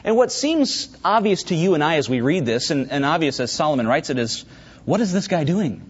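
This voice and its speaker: Husky animated man preaching a sermon. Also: on the high side, a little fast, muffled recording. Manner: animated, acts out quoted voices, talks directly to congregation. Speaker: pastor.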